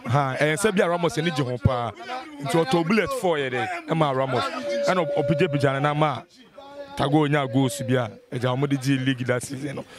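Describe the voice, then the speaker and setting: A man's voice: mid-range voice, fairly quick, crowd noise. A Ghanaian man with a Ghanaian accent, an amateur footballer chatting and joking about his team.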